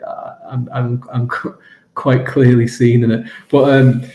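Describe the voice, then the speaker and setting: A man's voice: medium pitch, level tone, measured pace, warm tone, reverberant, poor audio. A man in his forties hosting a casual talk show, telling stories with frequent laughs and restarts. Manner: laughs often, many restarts and ums. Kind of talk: casual chat.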